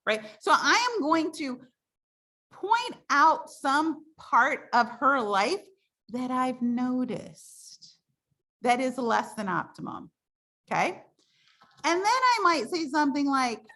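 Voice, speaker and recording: A woman coaching her sales team on a call, chatty and animated. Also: high voice, takes it slowly. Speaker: direct sales team leader.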